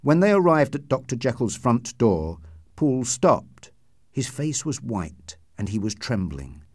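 A man reads a story aloud in an expressive, scripted style. His pitch moves in a very lively way, and the recording is dry and close. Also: measured pace, dry recording. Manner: expressive, acts out dialogue. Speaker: audiobook narrator.

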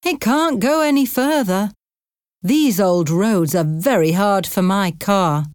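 A woman's voice: medium pitch, slow, darkish tone, clear, resonant tone, no room sound, studio quality, lightly acted. A woman reading aloud and voicing a friendly, chatty male taxi driver with an Irish accent in an audiobook. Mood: cheerful.

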